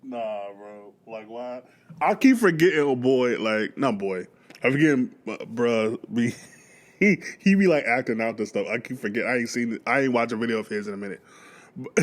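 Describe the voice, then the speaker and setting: Laughing, rambling reaction host. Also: male voice, medium pitch, animated, a little fast. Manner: loose, laughing, rambling with restarts. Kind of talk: casual reaction commentary.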